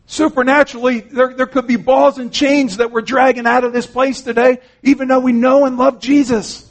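A man's voice: very high voice, flat delivery, moderate pace. A man preaching an earnest, conversational sermon, retelling conversations and often saying "man". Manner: frequent "man" and restarts.

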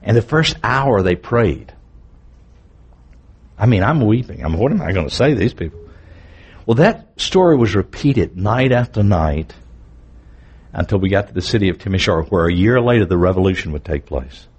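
Male preacher, husky lowish voice, earnest vivid testimony. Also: big pitch swings, normal speed, pauses often, a little mellow, highs cut off. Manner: earnest, vivid storytelling with candid asides. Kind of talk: personal testimony in a sermon.

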